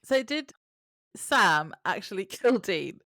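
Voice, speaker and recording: A woman with a British accent co-hosting a casual podcast, summarizing scenes plainly with soft laughs. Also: mid-range voice, big pitch swings, slow, no room sound, clean studio sound. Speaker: podcast co-host. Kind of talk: casual chat recapping a TV episode.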